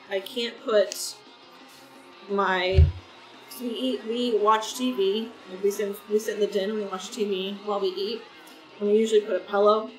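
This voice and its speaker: Woman streamer, rambling easy chat; mic set back in a roomy space, soft game music underneath. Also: mid-range voice, recorded from a distance. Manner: rambling, chatty, talks to chat viewers. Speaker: gaming streamer. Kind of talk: casual chat while playing a game.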